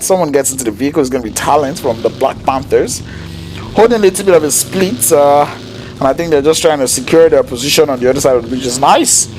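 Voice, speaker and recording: A man doing live esports play-by-play in a mid-pitched voice, loose and joking, full of slang. When the action heats up he jumps to loud, high, excited calls. Faint game noise runs underneath. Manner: casual, joking, slangy, rises to excited shouts in fights. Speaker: esports caster.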